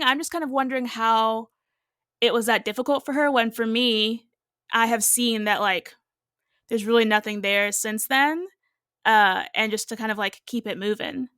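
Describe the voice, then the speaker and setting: Bright, dry-sounding chatty woman co-host. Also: fairly high pitch, clean tone, no echo. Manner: chatty, laughs often, quick reactions. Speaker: podcast co-host. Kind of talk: casual recap chat.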